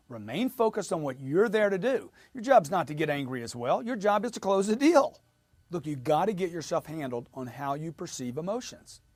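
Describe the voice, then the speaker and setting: A man's voice: sits high, a little mellow, dry recording. A man giving an emphatic motivational sales lesson, repeating his points as he coaches. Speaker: sales trainer.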